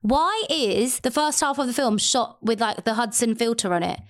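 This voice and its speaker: A young woman co-hosting a casual chat, animated and swearing freely. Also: a little high, moderate pace. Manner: animated, swearing, acts out quotes. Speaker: podcast co-host.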